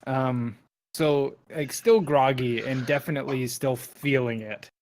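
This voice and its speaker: A man's voice: medium pitch, measured pace, darkish tone, slight background noise. A man narrating as game master of a tabletop game, talking casually with many fillers.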